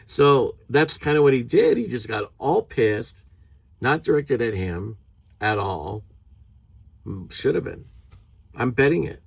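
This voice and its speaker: A man ranting angrily in a vlog, indignant and swearing, mocking others in a high put-on voice. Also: no echo. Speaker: vlogger.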